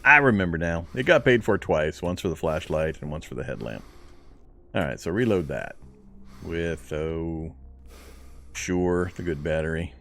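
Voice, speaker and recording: A man's voice: sits low, animated, a little slow, creaky, a bit bright. A man talking to himself while playing a game, chatty and laughing often as he comments. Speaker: gameplay commentator. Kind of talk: casual let's-play commentary.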